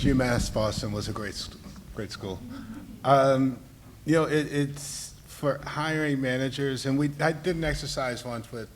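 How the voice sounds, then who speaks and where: A man's voice: mid-range voice, slight background noise. Earnest man answering on a panel. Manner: earnest, thinking aloud with restarts. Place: municipal building meeting room.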